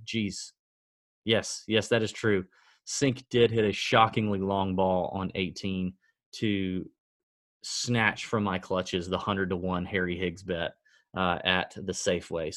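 A man co-hosting a podcast, chatting casually about golf picks in a sardonic, conversational way, thinking out loud as he goes. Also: fairly low pitch, moderate pace, no room sound, clean studio sound. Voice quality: conversational, sardonic, thinks aloud with fillers and self-corrections. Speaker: podcast co-host. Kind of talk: casual sports-betting chat.

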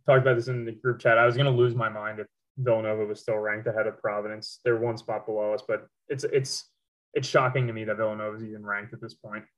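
A man's voice: lowish voice, flat delivery, fast. A man co-hosting a sports podcast, chatting casually, rambling and laughing often. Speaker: podcast co-host.

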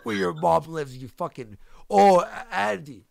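A man's voice: high voice, animated, unhurried, vocal fry, darkish tone. A man, a streamer hosting the show, ranting in heated casual chat, profane and repeating himself. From Canada. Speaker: streamer host.

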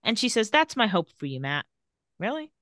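A woman co-hosting a casual recap podcast, retelling scenes and reading lines of dialogue in a flat, even voice. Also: medium pitch, brisk, no room sound, studio quality. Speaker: podcast co-host.

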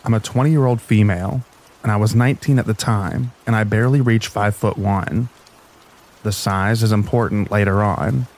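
A man with a fairly low voice reads a story in a soft, steady narrator's style. Rain falls in the background behind him. His delivery stays calm and even throughout. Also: normal speed, low-quality recording. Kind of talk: calm scripted narration of sleep stories. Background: rain sounds.

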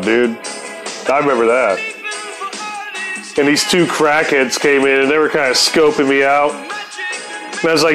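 A man's voice: on the high side, a bit bright, low-quality recording. A man telling casual stories as a podcast host, in a profane, slangy, rambling way full of "dude" and "man". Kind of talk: casual storytelling.

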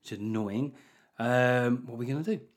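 A man's voice: medium pitch, moderate pace, natural voice. A man muttering as a scheming Tory politician. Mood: grumbling. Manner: muttered, conspiratorial. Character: scheming male Conservative politician, grumbling.

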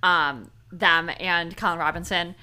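Bright, lower-pitched woman podcaster. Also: fairly even intonation, unhurried, smooth. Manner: laid-back, laughing, chatty with fillers. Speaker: podcast co-host. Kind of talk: casual podcast chat.

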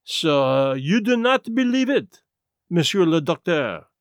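A fussy Belgian detective, as voiced by a man in an audiobook, with a high voice that rises and falls a lot. He speaks slowly and deliberately, and the recording is dry and close. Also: very animated, no echo. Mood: probing. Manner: measured, deliberate questioning. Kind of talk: audiobook character voice.

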